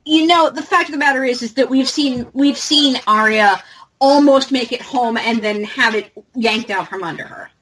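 A woman's voice: on the high side, normal speed, fairly bright tone, breathy edge, low-quality recording. A woman hosting a casual fan podcast, talking animatedly with many fillers and restarts. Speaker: podcast host.

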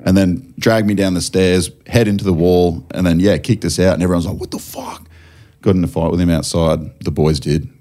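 A man's voice: deep voice, fairly even intonation, a little fast, hardly any pauses, dark tone. A young man telling a rambling, laugh-filled story in casual podcast chat, swearing freely. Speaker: podcast guest.

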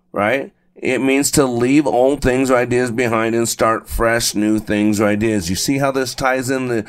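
A man hosting a motivational radio show, talking conversationally with lots of "uh" and "right?", slowing down to stress key phrases. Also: mid-range voice. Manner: conversational, fillers and frequent tag "right?". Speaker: radio and podcast host. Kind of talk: motivational talk show monologue.

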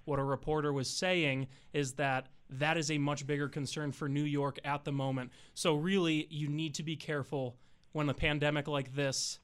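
A man's voice: on the high side, fairly even intonation, moderate pace, clear, resonant tone. A man from the station newsroom, setting a news report straight on air in a matter-of-fact way. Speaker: newsroom staffer.

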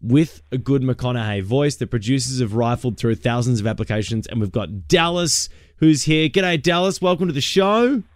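Chatty Australian radio host, dry studio. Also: male voice, medium pitch, animated, moderate pace, hardly any pauses, dry recording. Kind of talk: casual radio banter. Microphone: studio broadcast mic.

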